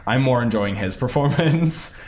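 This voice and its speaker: A man's voice: mid-range voice, animated, normal speed, a little mellow, a little hiss or hum. A young man, a stage actor, chatting in an interview about his role, talking animatedly with many fillers and restarts. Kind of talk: casual interview.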